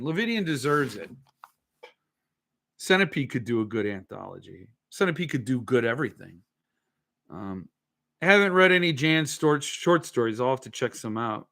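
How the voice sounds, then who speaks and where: Answering viewer comments on his casual livestream, a somewhat tipsy man rambles, curses, and keeps correcting himself. He speaks at a normal speed in a medium-pitched voice with lively intonation and a slightly bright tone.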